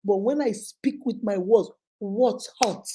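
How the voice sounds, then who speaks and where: A woman's voice: mid-range voice, takes it slowly, mellow, slight background noise. A woman with a Nigerian accent giving emphatic, repetitive relationship advice to her viewers. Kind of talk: motivational talk to viewers.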